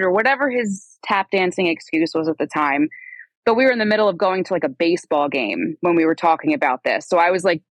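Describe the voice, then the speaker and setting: A woman's voice: fairly low pitch, expressive, brisk, no room sound, rough recording. A woman in her thirties, a podcast guest telling her own story in a conversational, rambling way with asides and self-corrections. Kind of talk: candid personal storytelling.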